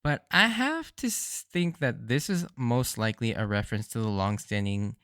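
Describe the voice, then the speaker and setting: A man hosting a solo podcast, recapping episodes in an enthusiastic, animated fan style. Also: mid-range voice, normal speed, dry recording, clean studio sound. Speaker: podcast host. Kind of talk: casual solo anime rewatch commentary.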